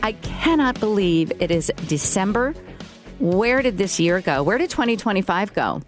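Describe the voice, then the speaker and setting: A woman's voice: medium pitch, lively intonation, normal speed, over music. Bubbly New York woman hosting radio. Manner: bubbly, effusive, laughs easily. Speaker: radio host. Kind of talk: casual radio chat. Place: radio studio.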